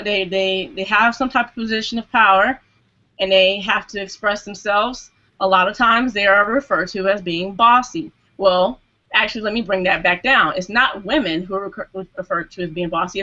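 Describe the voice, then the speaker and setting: A woman's voice: mid-range voice, pushed and bright. A woman speaking earnestly in a casual group discussion as a hangout guest, full of "you know"s and restarts. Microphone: video call microphone. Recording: dull lo-fi video call audio.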